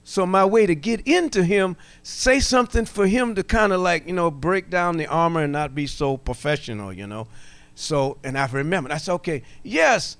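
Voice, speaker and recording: Animated Gullah Geechee man telling stories. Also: a little high, moderate pace, no echo. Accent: Gullah Geechee Southern. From coastal Georgia. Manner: animated storyteller, folksy, jokes with the room. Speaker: workshop presenter. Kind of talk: storytelling lecture to a live audience.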